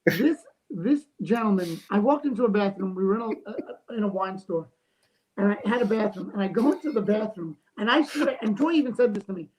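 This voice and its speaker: Male co-host, animated jokey storyteller, casual livestream chat. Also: high voice, brisk, rough recording. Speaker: comic artist, co-host.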